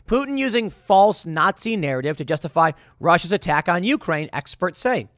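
A man giving sarcastic political commentary, mocking and animated, who jumps between loud outbursts and quiet asides. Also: on the high side, no echo, clean studio sound.

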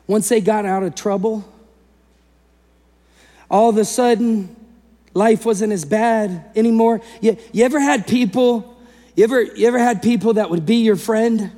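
A male pastor preaching a sermon in an animated way, acting out the people in the story and swinging between loud and hushed delivery. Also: high voice, a little slow, long pauses, long reverb tail.

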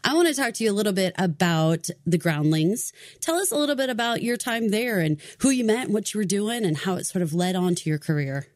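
A woman's voice: medium pitch, lively intonation, fairly quick, few pauses, a little mellow, no echo, studio quality. A woman co-hosting a podcast, asking questions in an upbeat, encouraging way. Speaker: podcast co-host.

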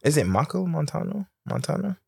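A man's voice: fairly high pitch, big pitch swings, fairly quick, gravelly, darkish tone, breathy edge, no room sound, studio quality. A man co-hosting a podcast, joking through casual banter. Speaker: podcast co-host. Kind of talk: casual chat.

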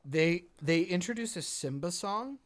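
Casting note: man, podcast co-host, blunt and profane, voice swings from low mutters to loud rants. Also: a little slow. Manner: profane, heated ranting, lively swings from mumbled to loud. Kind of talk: casual chat.

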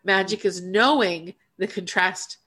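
A woman's voice: mid-range voice, a little slow, fairly bright tone, breathy edge. A woman podcast co-host and coach in casual spiritual chat, earnest and reflective, speaking emphatically and often restarting her sentences.

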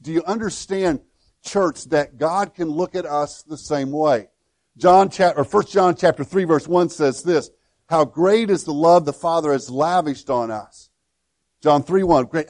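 A man's voice: fairly high pitch, darkish tone, dry recording. Man, middle-aged, pastor, sermon, conversational, restarts often, dry recording. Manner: conversational preaching with frequent restarts.

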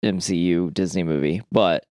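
A man's voice: sits low, normal speed, a little mellow, no echo, clean studio sound. A man hosting a podcast, chatting casually with profane, emphatic opinions. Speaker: podcast host. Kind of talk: casual chat.

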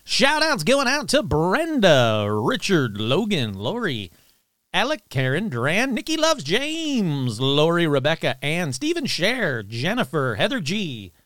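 Chatty podcast host guy, slightly high voice, very dry mic, jokes around. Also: measured pace, dry recording. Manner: chatty, animated, talks to himself. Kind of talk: casual podcast chat.

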